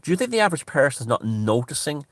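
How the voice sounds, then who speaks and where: A man's voice: fairly high pitch, sing-song, fast talker, no room sound. A man with an Irish accent delivering a scornful, ranting political monologue, sometimes mimicking others. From Ireland. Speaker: political commentator. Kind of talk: monologue commentary.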